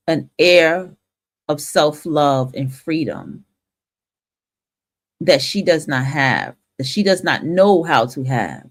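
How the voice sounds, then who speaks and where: A low-pitched woman from the northern United States hosts a talk stream, delivering a blunt, profane opinion monologue and frequently restarting her sentences.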